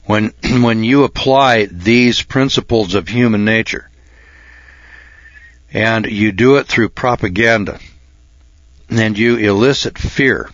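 A man giving an insistent speech, often clearing his throat and restarting his sentences. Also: on the low side, takes it slowly, pauses often, a bit bright, no echo. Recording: dull lo-fi recording.

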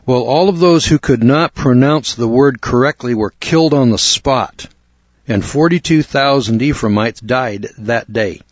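A man from the United States teaching a Bible lesson in a measured, deliberate way, now and then clearing his throat. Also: medium pitch, dry recording. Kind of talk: explanatory Bible lecture. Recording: dull, dry recording.

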